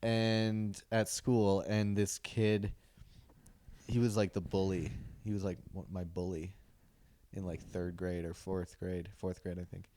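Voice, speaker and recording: A comedian co-hosting a podcast, talking in a low voice as he wanders through loose, chatty stories. He keeps adding small fillers and slips into quoted lines from other people. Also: level tone, measured pace, mellow. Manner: rambling anecdotes with filler words and quoted voices. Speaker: comedian co-host. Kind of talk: casual comedic banter.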